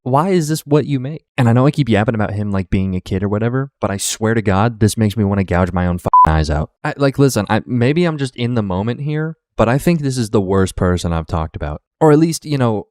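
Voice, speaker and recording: A man's voice: lowish voice, animated, fast, hardly any pauses, darkish tone, no room sound, clean studio sound. A male reaction video host who rants in exasperated, profane, casual talk. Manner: exasperated, ranting.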